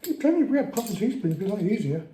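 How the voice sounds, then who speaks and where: Man, grumbly home cook, animated pitch, echoey kitchen. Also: rapid-fire, background noise. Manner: grumbling, often asks "eh?". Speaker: cook on a home cooking show. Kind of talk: casual chat while cooking.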